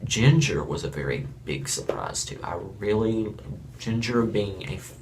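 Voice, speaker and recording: A man's voice: fairly low pitch, animated, unhurried, slight background noise. A man from Florida giving a casual, blunt and rambling review of a reality show, with chuckling asides.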